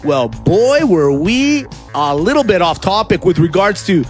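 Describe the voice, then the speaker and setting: A man's voice: high voice, measured pace, soft background music. A man co-hosting a sports podcast, trading jokes and echoing his co-host in casual banter. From Canada. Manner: animated, jokey, echoes his co-host.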